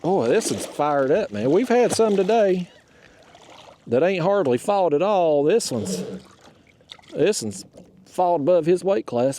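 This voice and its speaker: Man, warm and relaxed tone, casual fishing-vlog host speaking from his kayak on a camera mounted to the boat. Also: a little high, unhurried, pauses often, a little hiss or hum. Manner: folksy and chatty, talks out loud to the fish. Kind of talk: casual on-the-water vlog talk. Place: outdoors on a kayak on a reservoir.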